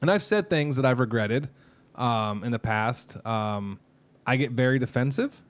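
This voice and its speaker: A man's voice: mid-range voice, animated, measured pace. A man in his thirties talks openly on a casual podcast, his mid-range voice wandering through stories with plenty of ums and restarts. He sounds candid and unguarded. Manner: candid, rambling, emotional storytelling with many fillers. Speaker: podcast co-host, mascot performer.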